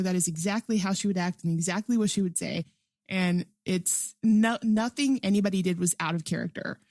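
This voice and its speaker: A woman's voice: mid-range voice, a little mellow, no room sound, clean studio sound. A woman co-hosting a podcast, chatting enthusiastically in a casual movie review, full of "like" and frequent laughs. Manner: enthusiastic, chatty, heavy use of "like"; laughs often while talking. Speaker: podcast co-host.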